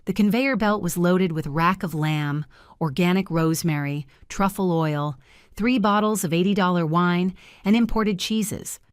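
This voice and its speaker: A woman narrating a first-person family drama story in a measured, dramatic way. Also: lowish voice, clear, resonant tone, dry recording, studio quality.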